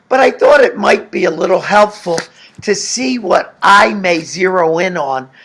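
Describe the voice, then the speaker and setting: A Spanish teacher with a high-pitched, slightly bright voice leads a recorded language lesson. He explains things patiently and asks the class questions.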